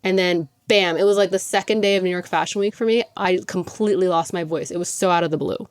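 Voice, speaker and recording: A young woman hosting her own podcast, speaking in a smooth, somewhat low voice. She chats casually, fills her sentences with "like" and laughs often. The sound is dry and close. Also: fast talker, no echo. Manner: chatty, filler-heavy with frequent "like"; laughs often while talking. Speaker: podcast host. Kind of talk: casual chat.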